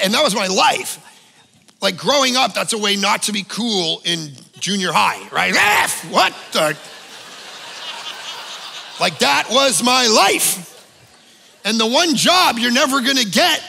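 Male pastor, casual sermon, punchy and emphatic; husky, piercing tone in a reverberant auditorium. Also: high-pitched. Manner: emphatic, with sudden loud bursts and asides. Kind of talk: conversational sermon. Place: church auditorium.

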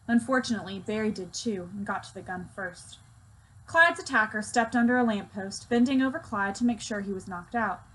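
A woman teacher greets her students and reads a children's novel aloud in a friendly, expressive way. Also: mid-range voice, husky.

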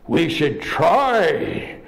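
A man voicing a deep, gravelly-voiced bear in a storybook tale, speaking with slow remorse. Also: big pitch swings, heavily acted. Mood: remorseful. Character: deep gruff older male bear, remorseful.

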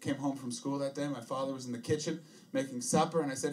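Deadpan man doing dark stand-up. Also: mid-range voice, quick pace, recorded from a distance. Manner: deadpan, dark storytelling with bursts of loud asides. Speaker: stand-up comedian. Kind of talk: stand-up set recorded live for an album. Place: hot, narrow comedy room. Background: audience laughter.

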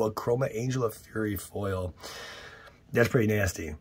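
A man's voice: fairly low pitch, measured pace, slightly rough. Playful man hosting a card unboxing. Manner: playful, exclamatory, with goofy catchphrases. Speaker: card-opening channel host. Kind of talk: casual unboxing commentary.

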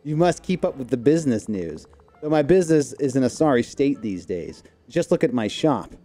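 A man's voice: medium pitch, animated, normal speed, warm tone, voice pushed up, lightly acted. Man reading Scrooge McDuck, a miserly old duck. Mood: plain reading. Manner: reading game dialogue aloud. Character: miserly old male cartoon duck tycoon.

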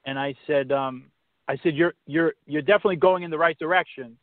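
A man's voice: fairly high pitch, no room sound. Man telling a story over a tinny line. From Massachusetts. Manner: halting, restarts sentences, preachy when quoting scripture. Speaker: podcast guest. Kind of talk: casual storytelling. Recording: tinny phone-line sound, dry.

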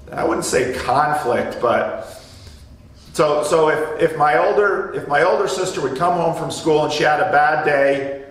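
A man's voice: medium pitch, a bit bright. A man leading a Bible study in a church meeting room, explaining a passage in a chatty way and often restarting his phrases. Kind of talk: conversational Bible teaching. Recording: echoey room, mic from a distance.

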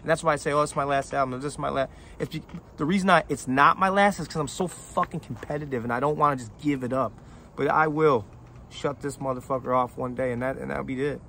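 A middle-aged man speaking straight to his fans with raw emotion, swearing freely and stumbling over restarts as his feelings catch up with him. His voice sits at an ordinary middle pitch for a man. A faint hiss of noise runs behind him. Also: creaky, pushed and bright. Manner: emotional, profane, halting with many restarts. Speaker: independent rapper talking to fans. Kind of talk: heartfelt, rambling direct-to-camera talk.

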